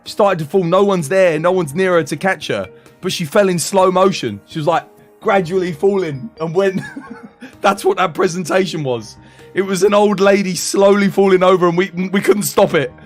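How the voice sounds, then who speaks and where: A young British man chatting casually on a live stream, animated and laughing in exasperated banter. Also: high voice, moderate pace, faint music behind. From United Kingdom.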